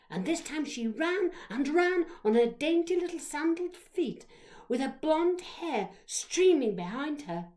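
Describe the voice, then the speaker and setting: A woman storyteller with a voice on the high side reads aloud from a childhood memoir. Expressive throughout, she shifts from soft whispers to loud exclamations.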